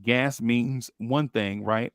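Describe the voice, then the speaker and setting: A man's voice: medium pitch, steady tone, takes it slowly, fairly bright tone, no room sound, clean studio sound. A young man co-hosting a casual podcast chat, rambling and repeating words as he thinks. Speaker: podcast co-host.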